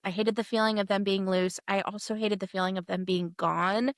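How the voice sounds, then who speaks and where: A woman's voice: medium pitch, a little fast, dry recording, studio quality. Giggly young woman in casual chat. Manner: giggly, animated storytelling. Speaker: podcast co-host. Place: apartment.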